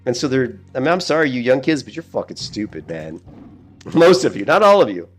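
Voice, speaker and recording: A man's voice: mid-range voice, sing-song, fairly quick, faint music behind. Rambling, profane middle-aged man streaming games. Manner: rambling, profane, laughs at his own stories. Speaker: gaming streamer. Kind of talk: casual chat while streaming gameplay.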